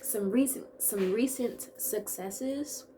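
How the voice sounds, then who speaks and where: A woman's voice: on the high side, warm tone, a little hiss or hum. Bubbly young woman chatting to camera. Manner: chatty and bubbly, quick asides and playful self-talk. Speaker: vlogger. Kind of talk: casual chat to camera.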